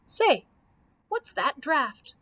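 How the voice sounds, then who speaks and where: A woman's voice: a little high, big pitch swings, measured pace, fairly bright tone, full character voice. A woman voicing a timid, good-natured male lion in a storybook, groaning and resigned.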